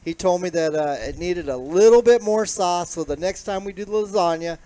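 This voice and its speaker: A man's voice: high-pitched, fairly quick, warm tone. A man hosting a casual live cooking stream from a home kitchen, enthusiastic and talking straight to his viewers. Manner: enthusiastic, talks to viewers as folks. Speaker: host and food taster.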